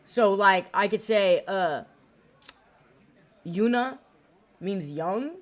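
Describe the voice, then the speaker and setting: A woman's voice: mid-range voice, animated, extremely slow, pauses often. A woman streamer chatting casually and profanely with her viewers while gaming, rambling and laughing.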